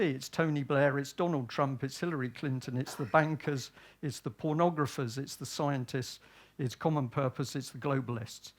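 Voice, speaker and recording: A man from Britain giving a public talk, often asking himself rhetorical questions and answering them. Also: on the high side. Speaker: speaker at a public event.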